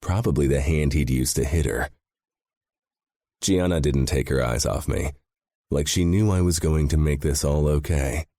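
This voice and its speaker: Grim male audiobook narrator, very deep. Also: moderate pace, mellow, dry recording, studio quality. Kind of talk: first-person audiobook narration.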